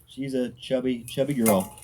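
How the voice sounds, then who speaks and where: A stand-up comedian in his thirties performs a crude, self-deprecating set at an outdoor firepit gathering, bantering with a small crowd that laughs and heckles around him. He speaks at normal speed with a medium-pitched voice and fairly even intonation.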